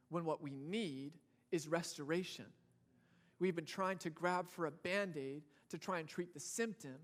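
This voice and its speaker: A man's voice: a little high, fairly bright tone. A young man preaching a sermon in a church, casual and joking, acting out what people and babies say. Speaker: pastor.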